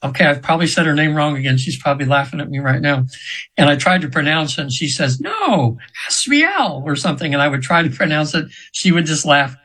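A man's voice: fairly high pitch, fairly even intonation, fast talker, bright, forceful tone, poor audio. A man in his seventies telling stories as a guest in an interview, rambling with fillers and restarts, sometimes acting out voices he quotes. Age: 70s. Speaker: guest hypnotherapist. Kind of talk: casual storytelling in an interview.

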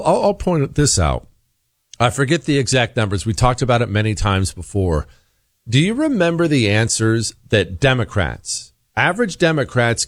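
A man's voice: fairly low pitch, no echo, clean studio sound. A man hosting a talk radio show, delivering an emphatic monologue full of rhetorical questions.

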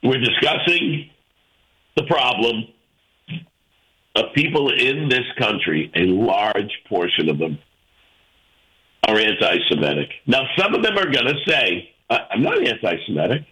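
Radio host guy on a call-in show, slow and punchy, keeps asking rhetorical questions. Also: medium pitch, very animated, sharp tone, rough recording. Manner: emphatic, argumentative, rhetorical questions. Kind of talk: call-in radio opinion talk.

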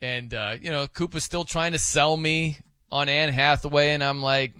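A man's voice: medium pitch, steady tone, normal speed, bright, forceful tone, smooth, no room sound. A man hosting a sports radio show in casual, rambling, self-amused banter at a studio microphone.

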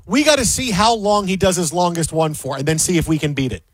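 A male sports talk host argues his takes with emphasis and a joking edge. His voice sits high for a man. The sound is close and dry. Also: fast talker, no echo. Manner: emphatic, opinionated, jokey.

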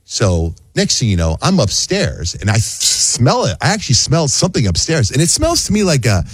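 This husky-voiced man speaks at a moderate pace in an easygoing conversation, animatedly recounting a story and switching to a high, raised voice for what others said. The studio-quality audio has no echo.

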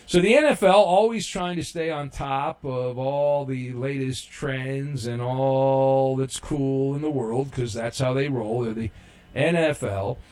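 A man's voice: medium pitch, unhurried, darkish tone. A man hosting a sports talk show, reading listener messages in a rambling, casual way with many fillers and restarts, and a dry, sarcastic humor.

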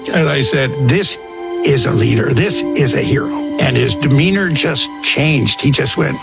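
Older-sounding guy, low and gravelly, slow deliberate story, music bed behind. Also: lively intonation. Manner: slow, deliberate storytelling with deep voiced quotes. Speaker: voice actor in an archival interview clip. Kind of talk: recounting a personal story.

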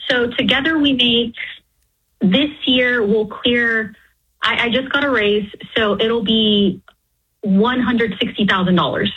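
A woman's voice: a little high, fairly even intonation, slow, slightly rough. A woman calling in to an advice show, friendly and a little hesitant. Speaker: caller. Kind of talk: phone-in question. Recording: dull phone-in line.

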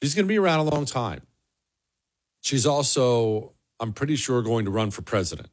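A man's voice: mid-range voice, lively intonation, normal speed. Sarcastic male political show host. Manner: sarcastic, emphatic, mocking. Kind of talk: opinionated monologue.

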